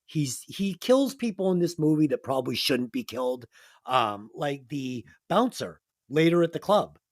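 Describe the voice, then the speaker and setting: A man's voice: fairly high pitch, big pitch swings, moderate pace. A man co-hosting a movie review podcast, chatting casually and enthusiastically, swearing now and then. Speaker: podcast co-host.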